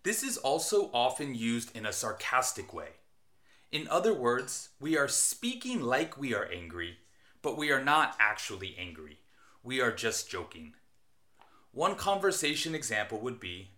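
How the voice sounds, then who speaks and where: Male english teacher, slow, very animated pitch, bright tone, careful scripted reading. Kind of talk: scripted English lesson narration.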